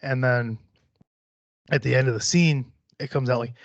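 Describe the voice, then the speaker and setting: A man's voice: mid-range voice, steady tone, brisk, pauses often, no room sound, highs cut off. A man hosting a podcast in casual chat, rambling and swearing freely, laughing often. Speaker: podcast host.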